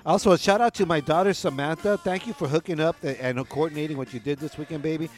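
A middle-aged man co-hosting a radio show, laid-back and laughing often, dropping Spanish phrases into casual shout-outs. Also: fairly high pitch, quick pace, faint music behind.

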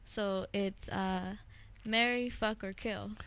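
Playful woman with a bright voice. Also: mid-range voice, fairly even intonation, takes it slowly. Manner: playful, giggly questioning. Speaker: interviewer. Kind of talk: casual interview chat.

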